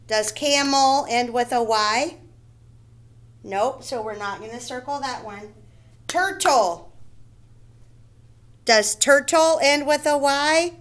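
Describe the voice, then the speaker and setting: A woman teaching young children to read, speaking at a slow, deliberate pace. Her voice sits fairly high, and she repeats each word and sounds out its syllables with care. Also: fairly bright tone, poor audio. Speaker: first grade teacher. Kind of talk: phonics lesson for young children.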